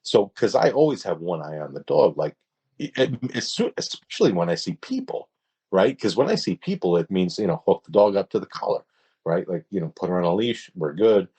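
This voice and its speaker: A man with a deep, slightly husky voice talks as a podcast guest. He tells his story casually and stumbles, stops and restarts as he goes. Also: animated, darkish tone. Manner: hesitant, halting, with many restarts.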